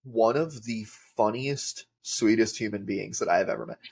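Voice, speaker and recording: A man's voice: lowish voice, normal speed, a little mellow, slightly rough. A man, a podcast guest telling rambling casual stories with lots of filler words. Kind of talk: casual storytelling.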